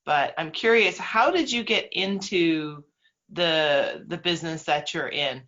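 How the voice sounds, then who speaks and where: A woman's voice: low-pitched, unhurried, fairly bright tone. A woman hosting an interview over a video call, asking friendly questions and laughing easily. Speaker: host. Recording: dull lo-fi call audio.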